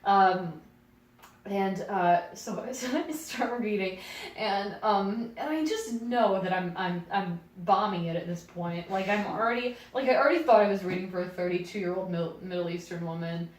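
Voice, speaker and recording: A young adult woman, a podcast co-host and actress, telling a casual story in a self-deprecating, animated way and laughing often. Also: medium pitch, moderate pace. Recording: echoey room, voice far from mic, faint noise.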